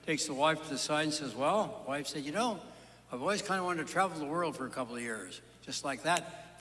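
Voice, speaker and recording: A man telling stand-up jokes live, with punchy storytelling and quick asides. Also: a little high, fairly bright tone, big-room sound. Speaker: stand-up comedian.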